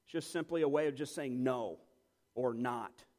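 A man with a medium-pitched, darkish voice preaches as a pastor at a moderate pace, teaching the text emphatically. His delivery builds to passionate repetition, and the recording carries a long hall reverb.

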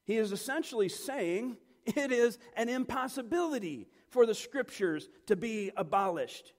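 High-voiced man preaching in a reverberant hall. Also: expressive, normal speed. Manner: emphatic, building to passionate repetition. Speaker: pastor. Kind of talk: sermon.

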